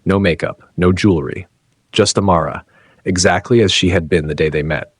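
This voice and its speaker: A male narrator reads a dramatic story in measured, clipped phrases. His voice is very low with a husky edge, and the recording is close and dry. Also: fairly even intonation, no room sound.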